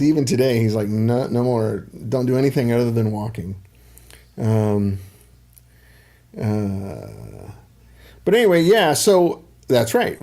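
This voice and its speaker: A middle-aged man talks casually on his livestream, drifting from one aside to the next with plenty of ums. His voice is mellow and warm, sitting at an ordinary pitch for a man. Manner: rambling, chatty, many ums and asides. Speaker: livestream host.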